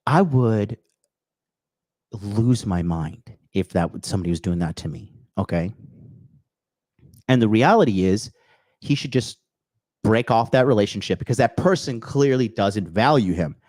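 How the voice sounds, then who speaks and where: A podcast host delivers a blunt, crude motivational rant, swearing a lot, answering chat, and driving points home with repeated phrases and a constant "okay?". His voice is lowish and darkish with lively intonation, a slightly slow pace and long pauses, coming in emphatic bursts. The recording is dry and studio quality.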